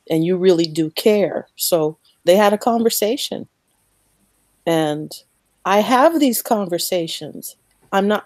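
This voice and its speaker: Slow, earnest woman on a dry mic. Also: on the low side, a little mellow, dry recording. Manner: slow, earnest, repeats words. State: emotional, near tears. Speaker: guest. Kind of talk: emotional faith talk on a podcast.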